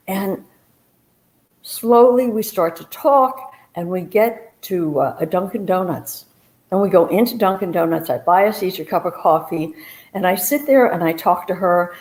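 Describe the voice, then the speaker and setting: A woman telling a true first-person story on a live stage, with a brisk, animated and self-mocking way of talking. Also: on the low side. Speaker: storyteller, investigator.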